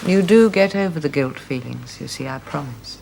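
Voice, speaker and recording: A woman's voice: deep voice, animated, normal speed, gravelly, darkish tone, a little hiss or hum. An actress playing a worldly woman who frankly and affectionately comforts a younger woman.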